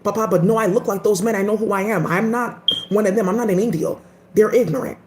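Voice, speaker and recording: A woman's voice: mid-range voice, fast, reverberant, noisy background, lightly acted. A woman voicing a worried young man who pleads with his father, anxious and earnest. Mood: pleading.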